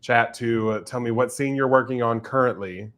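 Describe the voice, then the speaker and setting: A man's voice: mid-range voice, moderate pace, a bit bright. A man hosting a casual writing livestream, chatty and giggling often. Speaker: livestream host and writer.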